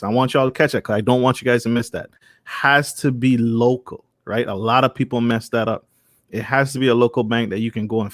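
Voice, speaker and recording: A man hosts a casual podcast. He recaps his guest's points, repeats words as he goes and turns to speak to the listeners. His voice is dry and close, at a middle pitch. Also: dry recording. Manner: repeats himself, addresses the listeners directly. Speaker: podcast host.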